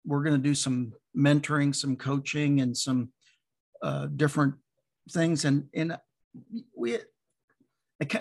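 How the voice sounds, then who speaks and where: Gravelly husky male host. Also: on the high side, dry recording. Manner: halting, repeats words at the start of phrases. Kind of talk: casual interview chat.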